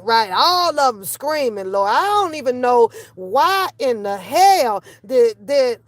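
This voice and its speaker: This woman hosts a reaction channel, ranting through casual, profane commentary and imitating the people she discusses. Her voice sits a little high and moves slowly with few pauses, and there's no echo. She comes across as animated.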